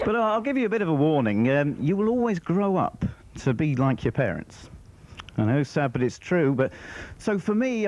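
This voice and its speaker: A man doing a stand-up comedy routine, rambling and deadpan, slipping into acted-out voices. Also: fairly high pitch. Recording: muffled, slightly noisy 1990s TV broadcast. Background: audience laughter.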